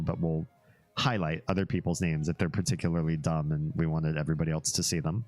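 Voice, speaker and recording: Low-voiced male streamer, loose rambling chat with viewers, faint music underneath. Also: flat delivery, a little fast, darkish tone. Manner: easygoing and rambling, drifting into asides and small laughs. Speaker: livestream host. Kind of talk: casual livestream chat, reacting to a web page and chat.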